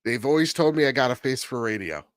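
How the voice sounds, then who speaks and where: A man's voice: medium pitch, lively intonation, quick pace, clear, resonant tone, no echo, clean studio sound. A man co-hosting a gaming podcast, jokey and rambling in casual chat. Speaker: podcast co-host.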